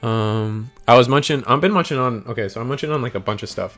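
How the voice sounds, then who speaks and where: Young man, stream host, casual live card game commentary, slangy, rambling, mid-pitched voice, faint background music. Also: fast talker, few pauses, fairly bright tone. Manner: rambling and slangy, talks to chat.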